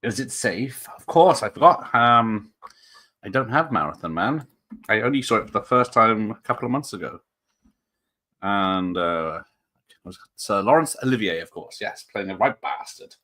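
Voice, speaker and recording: A man's voice: on the low side, expressive, moderate pace, pushed and bright. A man hosting a live stream and chatting casually, rambling and reading out viewer comments.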